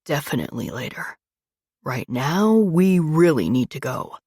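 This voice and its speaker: A woman doing a gruff, commanding crime boss. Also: low voice, sing-song, measured pace, dark tone, dry recording, studio quality, heavily acted. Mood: firm. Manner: curt, clipped orders. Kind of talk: audiobook character voice.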